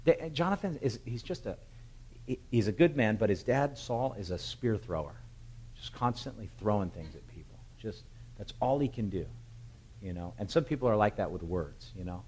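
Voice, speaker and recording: A male pastor delivers an animated sermon, moving from scripture to lively commentary. His voice is deep with a husky grain. He leans hard into emphatic points and grows animated as the story builds. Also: normal speed, poor audio.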